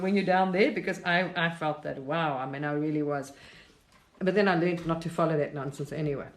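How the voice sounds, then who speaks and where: A woman's voice: lowish voice, a little fast, echoey room. A middle-aged woman from England, chatting casually and reflectively on a live stream, rambling and laughing often.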